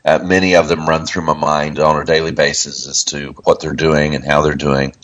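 Very deep-voiced laughing male co-host. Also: level tone, moderate pace, fairly bright tone. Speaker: co-host, ministry leader. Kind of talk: casual radio chat.

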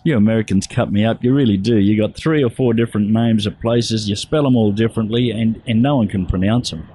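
A man's voice: on the low side, a little fast, warm tone, a little hiss or hum. A man hosting a casual radio show, teasing callers and laughing often.

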